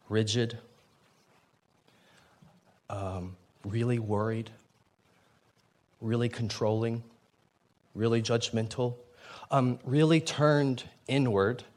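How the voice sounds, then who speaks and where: Conversational male preacher, mid-pitched. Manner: conversational, animated, with frequent restarts and asides. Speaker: pastor. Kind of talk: sermon.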